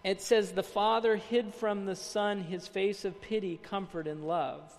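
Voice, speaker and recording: A man preaching a sermon, reading quotes aloud, then explaining them with dramatic pauses and hushed emphasis. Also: high voice, fairly even intonation, in a large hall.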